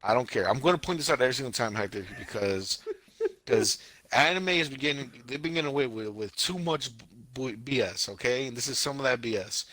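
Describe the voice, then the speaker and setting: A man co-hosting a casual podcast, retelling scenes in an animated, exaggerated way with lots of restarts and filler words. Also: medium pitch, fairly quick, low-quality recording. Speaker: podcast co-host. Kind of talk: casual chat about anime.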